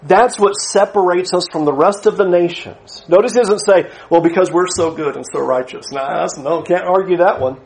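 A man's voice: sits high, normal speed, hardly any pauses, rough recording. A man preaching a sermon, earnestly paraphrasing scripture in a conversational way.

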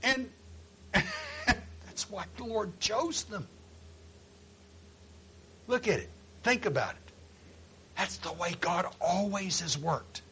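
A man's voice: high voice, wildly swooping pitch, takes it slowly, gravelly, long pauses, bright, forceful tone, slightly rough, rough recording. A man teaching a Bible class lesson, talking in an emphatic, conversational way with wry humor.

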